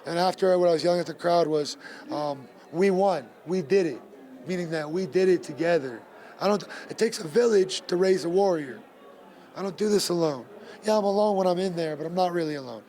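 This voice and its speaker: Fighter guy talking after a bout, pretty high voice, keeps repeating himself for emphasis. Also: fairly quick, dark tone. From Gloucester, Massachusetts. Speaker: bare knuckle fighter. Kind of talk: post-fight interview.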